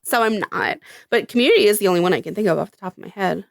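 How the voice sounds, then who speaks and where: A woman's voice: mid-range voice, very fast, gravelly, no room sound, studio quality. A woman co-hosting a podcast, chatting casually and thinking aloud with frequent restarts. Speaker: podcast co-host. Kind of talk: casual chat.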